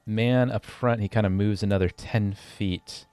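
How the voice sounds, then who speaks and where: A man narrating a tabletop game as game master, in a relaxed way with frequent fillers. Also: on the low side, measured pace, clean tone, no echo.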